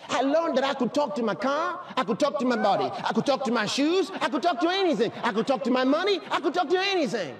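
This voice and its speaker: A man preaching a sermon to a live congregation, fervent and emphatic, often shouting and firing rhetorical questions at the crowd. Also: extremely high pitch, very animated, fast, few pauses, noisy background. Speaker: pastor.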